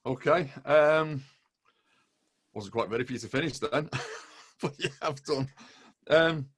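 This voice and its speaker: A man interviewing a guest online, asking questions briskly and often repeating words as he goes. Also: mid-range voice, fairly bright tone, breathy edge. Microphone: video call.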